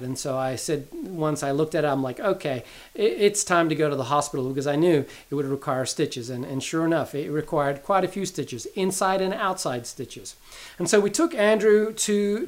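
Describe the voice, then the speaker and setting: A middle-aged man giving an earnest, sermon-style Bible teaching, repeating key phrases for emphasis as he tells a family story. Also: on the high side.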